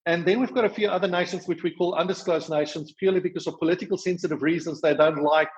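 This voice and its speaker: This podcast interview features a South African charity worker describing rescue operations, talking fast and often restarting or using fillers. His fairly high voice keeps a fairly even intonation, and the recording is muffled.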